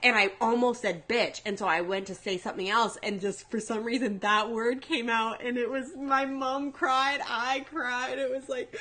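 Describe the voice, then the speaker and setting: A young woman co-hosting a casual chat, telling animated stories and acting out the quotes. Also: medium pitch, normal speed. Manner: animated storytelling, acts out quotes. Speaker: co-host.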